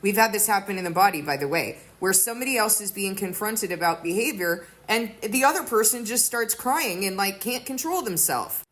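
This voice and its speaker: A woman's voice: mid-range voice, expressive, a little fast, hardly any pauses, a bit bright. A woman giving an earnest sermon-style teaching, explaining with everyday examples. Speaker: teacher of a faith community.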